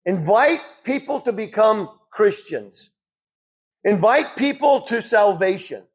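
Husky high-voiced preacher. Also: male voice, animated, slow. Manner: emphatic, rises sharply when quoting scripture, drops low for asides. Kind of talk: sermon.

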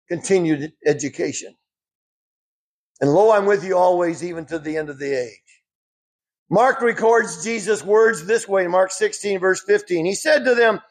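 A man preaching a sermon, rising emphatically when quoting scripture and dropping low for asides.

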